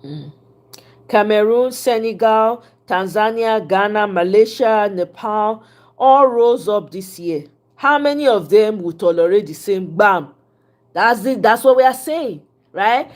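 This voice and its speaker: A woman with a Nigerian accent offers casual political commentary, mixing in Pidgin English. Her medium-pitched voice goes a little slow, and her delivery is animated and often laughing.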